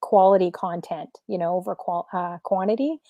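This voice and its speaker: A woman streamer DJ as the guest in a casual interview, upbeat and chatty with many fillers, a little hoarse. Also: on the low side, fairly even intonation, moderate pace, no room sound, lo-fi sound. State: slightly losing her voice.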